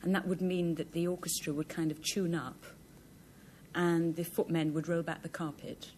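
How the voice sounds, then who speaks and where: A woman on a panel game explaining a definition in a measured way. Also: fairly low pitch, flat delivery, darkish tone, slight background noise.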